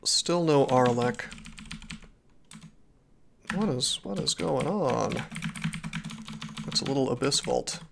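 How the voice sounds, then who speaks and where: A man's voice: mid-range voice, slow pace, creaky, pauses often, background noise. Ranting, profane male game streamer. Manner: ranting, profane, chatty with restarts. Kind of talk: casual live-stream chat over gameplay. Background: faint keyboard clicks.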